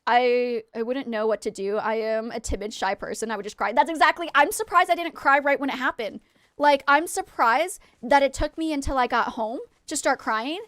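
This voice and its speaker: Female streamer, 30s, high voice, lively casual storytelling over gameplay. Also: no echo. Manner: chatty, animated, swears and laughs often. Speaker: gaming streamer. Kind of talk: casual storytelling while gaming. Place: home office.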